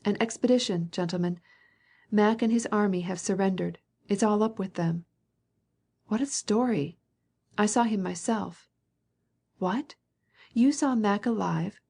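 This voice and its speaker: A woman reading a classic novel aloud as an audiobook narrator, mostly even and unhurried, lifting her voice slightly for dialogue. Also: mid-range voice. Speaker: audiobook reader.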